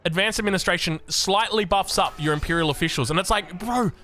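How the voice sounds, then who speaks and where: An excitable Australian man commentating a strategy game, chatty and jokey, sometimes breaking into shouts. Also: high-pitched, brisk, slight background noise. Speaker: game caster.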